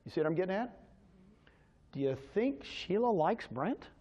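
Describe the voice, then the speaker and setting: In lo-fi sound, a man with a high-pitched, slightly rough voice delivers an energetic sales presentation to real estate agents at a moderate pace. He motivates them and quizzes them with questions.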